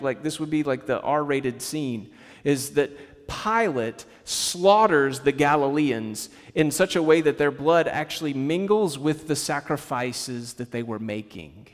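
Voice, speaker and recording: Man preaching in a reverberant hall. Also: a little high. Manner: conversational preaching with casual asides and rhetorical questions. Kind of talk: sermon.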